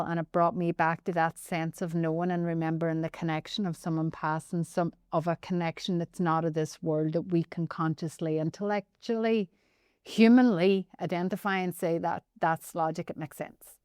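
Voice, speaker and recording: A woman with a Northern Irish accent telling a personal story as a podcast guest, animated and often addressing the host by name. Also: on the low side, normal speed, clean tone, no echo, clean studio sound. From Northern Ireland.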